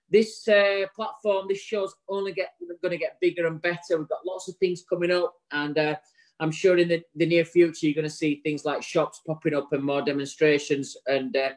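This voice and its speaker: A man with a high voice, co-hosting a live online show. He talks bluntly and heartily, swearing freely as he rallies his listeners and wishes them well. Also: rough recording. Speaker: co-host.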